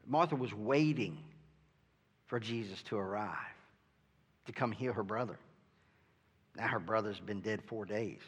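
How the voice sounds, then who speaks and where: A man's voice: medium pitch, normal speed, long pauses, fairly bright tone, breathy edge, lo-fi sound. A male pastor preaching a sermon in an earnest way, often asking "right?" and stumbling over the starts of his sentences. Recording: long reverb from a hall.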